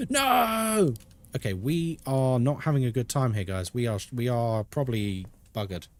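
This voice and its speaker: A British man streaming a game, chatting casually, reading chat out loud and laughing often. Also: mid-range voice, animated, unhurried. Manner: chatty, laughs a lot, reads chat aloud.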